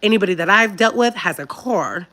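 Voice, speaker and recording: A woman's voice: mid-range voice, animated, a little fast, bright, forceful tone. A woman hosting a casual livestream chat, talking candidly and directly to her viewers. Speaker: livestream host.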